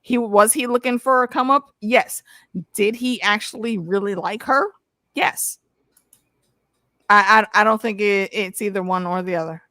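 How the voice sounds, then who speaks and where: A woman's voice: mid-range voice, measured pace, no echo. Female host, mid-range voice, dry close sound, casual and salty recap delivery. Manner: animated, profane, acts out quotes. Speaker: podcast host. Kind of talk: casual show recap discussion.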